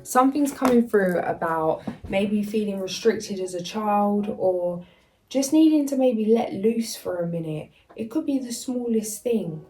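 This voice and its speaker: A woman's voice: medium pitch, lively intonation, a little slow, darkish tone, poor audio. A woman doing a casual spiritual card reading, reading card messages aloud and then chatting loosely with fillers. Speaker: tarot and oracle card reader.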